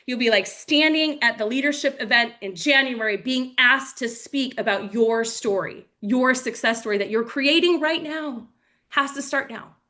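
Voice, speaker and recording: A woman giving a motivational talk on a team call, energetic and storytelling, acting out quotes. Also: sits high. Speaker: team leader.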